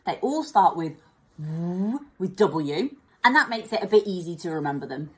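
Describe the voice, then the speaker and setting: A woman's voice: fairly low pitch, expressive, moderate pace, husky. A woman teaching an online lesson for children, speaking to them directly and encouragingly. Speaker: primary school teacher.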